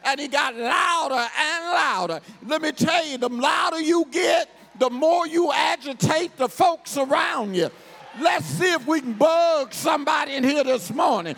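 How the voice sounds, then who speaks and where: A male pastor delivering a sermon in a call-and-response style, shouting his points to the congregation and then dropping to quiet storytelling. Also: extremely high pitch, measured pace. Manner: drops to quiet storytelling between outbursts.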